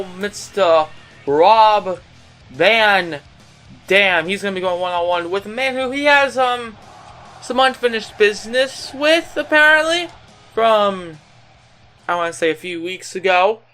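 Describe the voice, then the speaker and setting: Excitable young man calling wrestling play-by-play. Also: high-pitched. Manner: excited announcer voice with many fillers and corrections. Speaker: gaming channel host.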